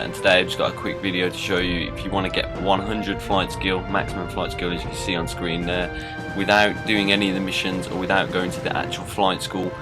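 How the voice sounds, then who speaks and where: A man getting over a cold, talking through a game tutorial in a self-described monotone. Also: deep voice, poor audio. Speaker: gaming YouTuber. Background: background music.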